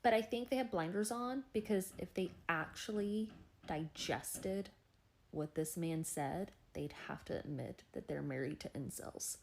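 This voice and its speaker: A woman's voice: lowish voice, measured pace. A woman in her forties giving indignant, emphatic social media commentary.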